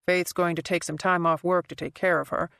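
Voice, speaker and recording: A woman narrator lowers her voice to play a guarded, wounded man who speaks quietly and haltingly. The tone is dark and low, read close and dry with no room sound. It is an audiobook character voice. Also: level tone, vocal fry, clear, resonant tone, no room sound. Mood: wry. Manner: soft, halting, low-key delivery.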